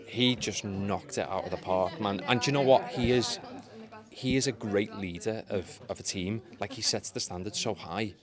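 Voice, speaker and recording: A man's voice: on the low side, normal speed, a crowd in the background. Enthusiastic young male actor. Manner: enthusiastic, animated storytelling. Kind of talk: press event interview.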